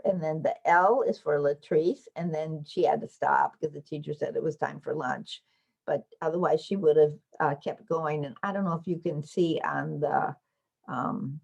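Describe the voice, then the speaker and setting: A woman giving an online academic lecture with slides, explaining patiently and lifting into lively children's voices when she quotes them. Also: lowish voice, dull audio. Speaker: invited lecturer.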